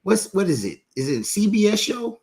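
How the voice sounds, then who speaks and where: Man co-host, casual chat, very animated delivery, pushes back hard. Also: high voice, brisk, a crowd in the background. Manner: lively, argumentative.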